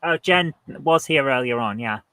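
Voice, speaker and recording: A man's voice: medium pitch, expressive, moderate pace, pushed and bright, smooth, no room sound. A man co-hosting a casual quiz chat, joking and laughing often.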